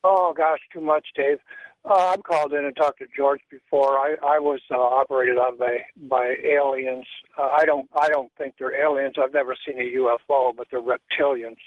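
A man's voice: mid-range voice, fairly even intonation, normal speed, no room sound. An older man calling in to a radio show, talking in a rambling, hesitant way and jumping between claims. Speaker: caller. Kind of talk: phone-in conversation. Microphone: telephone. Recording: muffled phone-in line.

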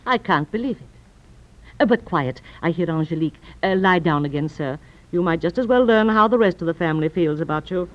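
An actress playing a sly, quick-witted housemaid with a wry manner, in vintage stage-play style. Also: female voice, lowish voice, expressive, a little hiss or hum, close to an everyday voice. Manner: wry, mock-mournful. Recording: muffled lo-fi old recording.

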